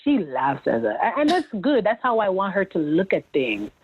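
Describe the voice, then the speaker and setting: A woman's voice: fairly low pitch, moderate pace, slightly rough, dry recording. Jamaican-born woman on a tinny line. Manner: storytelling, animated when quoting family. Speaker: guest. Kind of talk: casual interview conversation. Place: home in rural Japan.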